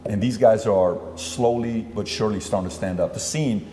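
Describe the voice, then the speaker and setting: A man's voice: fairly low pitch, normal speed, warm tone, long reverb tail, a little hiss or hum. A man hosting an interview, rambling through long setups and acting out dialogue between questions. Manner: rambling, acts out dialogue, many fillers. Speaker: interview host.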